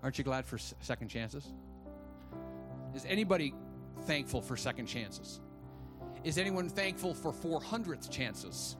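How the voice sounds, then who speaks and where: Male pastor, church sermon, slow deliberate delivery, call-and-response, music bed. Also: medium pitch, lively intonation. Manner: emphatic, calls for congregation response.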